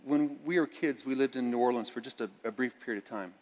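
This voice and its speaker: A middle-aged man preaching a sermon as a pastor, moving between hushed reading and loud, emphatic lines. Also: medium pitch, fast talker. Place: church sanctuary. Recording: church sanctuary with long reverb.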